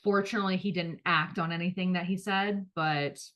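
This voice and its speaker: A woman's voice: lowish voice, fairly even intonation, brisk, fairly bright tone. A woman co-hosting a podcast in casual chat, rambling and talking things through with lots of filler words. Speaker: podcast co-host.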